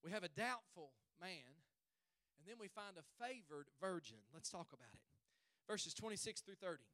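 A male pastor preaching a fervent sermon at a church service, stretching his phrases and rising to shouts. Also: high-pitched, animated, normal speed, no room sound.

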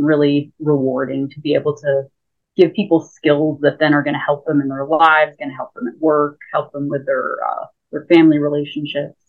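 A woman guest on a remote interview, explaining things in a chatty way with lots of fillers. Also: low voice. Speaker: guest, lightsaber school founder. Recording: tinny phone-like call audio.

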